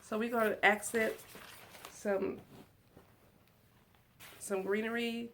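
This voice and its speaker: A woman vlogging from her lounge room at home, chatting excitedly and giggling as she talks to her viewers. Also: fairly high pitch, slow, a little hiss or hum. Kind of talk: casual chat to viewers.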